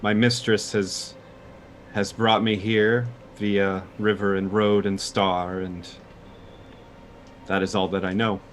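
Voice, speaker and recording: A man's voice: on the low side, level tone, takes it slowly, slight background noise. A man playing a formal, deferential cat-folk adventurer. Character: loyal, reserved male cat-folk adventurer.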